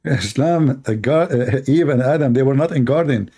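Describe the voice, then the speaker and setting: A Middle Eastern man whose first language is Arabic, speaking with an Arabic accent, hosts his show and reacts to a clip. His voice is mellow with a breathy edge, medium in pitch and moderate in pace, as he mocks the clip with sarcastic, playful commentary.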